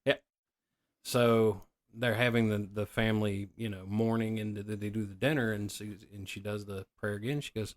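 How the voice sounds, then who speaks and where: A man's voice: on the low side, normal speed. A middle-aged man telling profane stories in a casual podcast chat. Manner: profane, animated storyteller. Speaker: podcast co-host.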